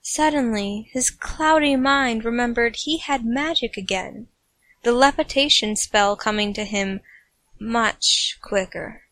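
A woman's voice: fairly high pitch, slow pace, a bit bright, no echo. A woman narrating a comic fan fiction story with playful, snarky asides.

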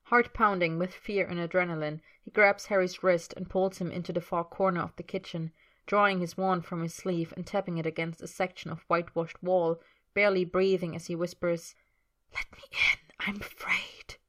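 A woman narrating a story aloud in a measured, expressive reading. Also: on the low side.

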